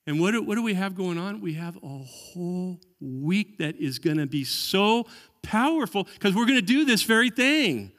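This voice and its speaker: Male pastor, higher voice, earnest sermon delivery, long hall reverb. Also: very animated, moderate pace. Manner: earnest preaching, drops to quiet voice for quoted prayers.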